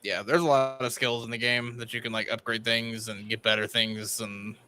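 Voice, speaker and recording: A man's voice: mid-range voice, little pitch movement, normal speed. A man co-hosting a gaming podcast, talking in an easygoing, hesitant way with many fillers. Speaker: podcast co-host. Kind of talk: casual gaming podcast chat.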